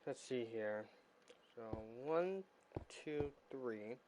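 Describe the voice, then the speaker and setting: A man streaming a building game, calmly counting blocks under his breath in casual chat. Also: medium pitch, drawn-out words, background noise. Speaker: streamer building pixel art.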